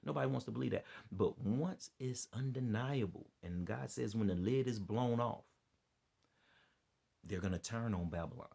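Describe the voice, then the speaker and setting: Tired, gravelly low-voiced man preaching. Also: normal speed, dark tone. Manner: repeats himself, loose and earnest. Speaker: vlogger giving religious commentary. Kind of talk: rambling preachy monologue to camera.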